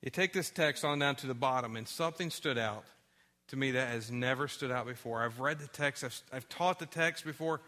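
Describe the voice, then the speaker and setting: A man preaching a sermon and telling a personal story in an animated way, dropping quiet for the sad parts. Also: mid-range voice, brisk. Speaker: pastor.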